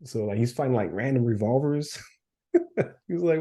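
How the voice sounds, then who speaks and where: A man's voice: mid-range voice, expressive, brisk, dark tone, breathy edge. A man co-hosting a podcast in casual chat, losing his voice, rambling with fillers and frequent laughs. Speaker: podcast co-host.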